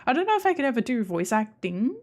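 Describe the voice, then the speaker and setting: With a slightly high, darkish voice that swings widely in pitch, a young Australian woman talks fast to viewers on her live stream. Her casual chat is rambling and giggly, with sentences she breaks off and begins again.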